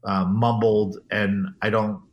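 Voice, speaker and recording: A man with a fairly low voice, talking as a guest about his DJ work. He speaks earnestly and emphatically, often restarting his sentences as he builds a point. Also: flat delivery, slow pace, lo-fi sound. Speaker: guest, event DJ. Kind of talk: casual interview.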